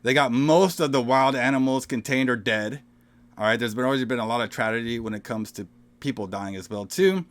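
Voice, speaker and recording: A man's voice: medium pitch, fairly quick. A man co-hosting a casual horror movie podcast, talking loosely and profanely, full of "bro" and "all right?". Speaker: podcast co-host.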